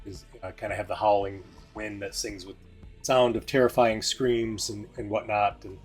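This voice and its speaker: A man's voice: fairly low pitch, steady tone, moderate pace, slightly rough. Casual male game master narrating. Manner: casual, many fillers and restarts. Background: faint music.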